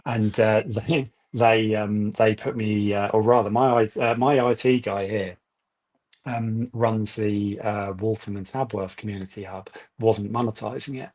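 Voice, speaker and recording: A man's voice: on the low side, steady tone, a little slow, a little mellow. A man, an independent estate agent telling chatty anecdotes as a webinar guest over a video call. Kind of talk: webinar interview answers.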